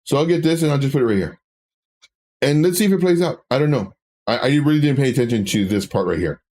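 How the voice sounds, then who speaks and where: A man's voice: medium pitch, lively intonation, fast, a little mellow. Guy rambling on a crypto stream, casual chatty, telling stories between charts. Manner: rambling, personal storytelling. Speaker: crypto trading educator. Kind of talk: casual livestream chat.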